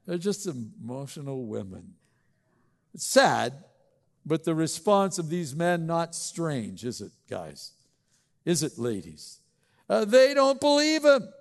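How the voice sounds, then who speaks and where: High-voiced male pastor in echoing hall. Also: very animated, slow. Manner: conversational, joking, asks the congregation questions. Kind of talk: sermon.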